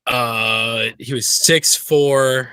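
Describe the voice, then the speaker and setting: Young male player, bright voice, laughs at himself. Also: mid-range voice, fairly even intonation, extremely slow, smooth, no echo. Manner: sheepish, laughing.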